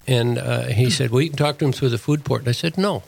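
A man's voice: mid-range voice, fast talker, gravelly, slight background noise, poor audio. An older man, a deacon and prison chaplain, telling a story in plain, earnest words as an interview guest.

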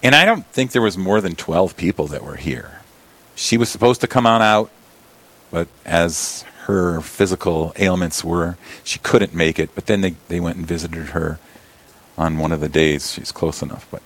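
His voice sits low and fairly bright, moving at a moderate pace, as the South Dakota deacon and abbey representative chats in a radio studio. He talks through a studio mic wearing headphones, wandering and restarting repeatedly.

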